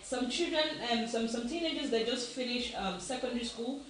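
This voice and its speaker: A woman's voice: a little high, brisk, slight background noise. A woman from Africa, hosting a live online show in a chatty, encouraging way and laughing often. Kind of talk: casual talk to live viewers. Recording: echoey room, mic far off.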